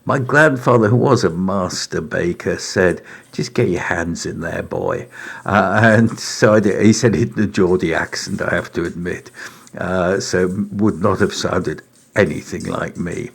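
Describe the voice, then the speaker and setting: A middle-aged man giving a relaxed cooking demonstration in his home kitchen, unhurried and chatty, often saying uh and right. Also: sits low, gravelly, breathy edge. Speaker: home cook presenting a recipe.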